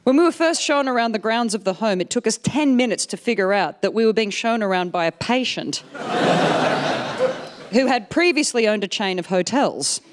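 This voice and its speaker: A woman, telling a personal story to a live audience, wry and animated with comic timing. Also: on the high side, moderate pace, noisy background.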